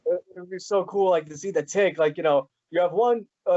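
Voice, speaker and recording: A young man hosts a casual interview, talking fast with a high, dark-toned voice and few pauses. He comes across as an eager podcast host who rambles and leans on lots of fillers. The recording has a dull, lo-fi sound.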